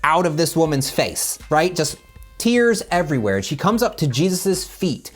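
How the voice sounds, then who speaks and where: A middle-aged man teaching a children's Bible lesson, telling the story in an animated way and checking in with the kids as he goes. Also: on the high side, moderate pace, faint music behind.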